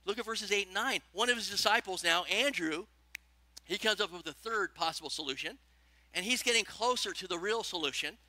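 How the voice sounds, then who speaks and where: Preaching briskly in a high voice, this pastor teaches with animation and keeps questioning his congregation. It's a dry recording.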